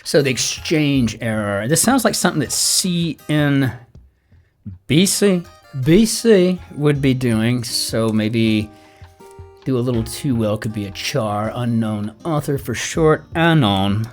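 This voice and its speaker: Middle-aged man, crossword host, chatty think-aloud, murmurs clues, average pitch, faint guitar music behind. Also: animated, slow pace. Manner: chatty, rambling, mutters clues half to himself. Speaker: crossword solver and channel host. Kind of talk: casual think-aloud puzzle solving. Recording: soft guitar music underneath.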